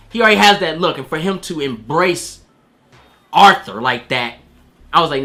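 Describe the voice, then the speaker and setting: A man's voice: sits high, animated, normal speed, sharp tone. A man giving a casual spoiler movie review, slangy and profane, acting out quoted voices.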